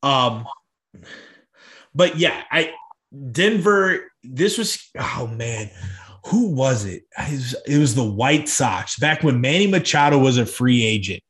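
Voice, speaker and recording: A man co-hosting a casual sports podcast, relaxed and opinionated, with many "like" and "I mean" fillers. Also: medium pitch, slow.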